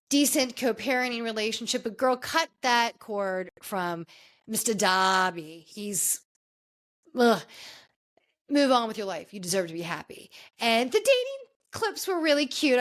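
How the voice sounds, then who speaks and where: A woman's voice: a little high, a bit bright. Chatty woman recapping reality TV. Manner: chatty, gossipy, with many restarts. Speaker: podcast host. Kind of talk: casual recap of a reality show.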